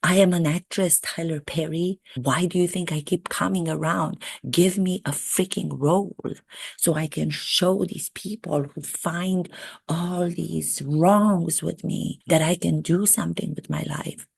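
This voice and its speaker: A gossipy, self-absorbed royal duchess, as a woman puts her on for a satirical monologue, rambling from one grievance to the next. Her voice sits low with a heavy gravelly fry and a breathy, husky edge. The sound is close and dry. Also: fairly even intonation, a little slow, dry recording, exaggerated voice. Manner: rambling, chatty, self-pitying asides.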